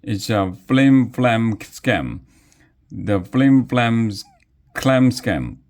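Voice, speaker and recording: A man's voice: medium pitch, animated, extremely slow, a little mellow, voice pushed up. A man voicing a smug know-it-all schoolboy in a children's story, exclaiming eagerly. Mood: excited.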